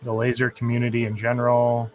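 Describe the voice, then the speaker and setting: A man's voice: medium pitch, monotone, fast talker, narrow, tinny audio, a little hiss or hum. A man hosting a livestream, answering viewer questions in an easygoing, direct way. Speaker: livestream host. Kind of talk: casual livestream chat.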